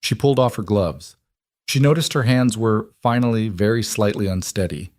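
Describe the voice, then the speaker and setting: A man narrating a scripted story in a measured, steady delivery. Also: lowish voice, no room sound, clean studio sound.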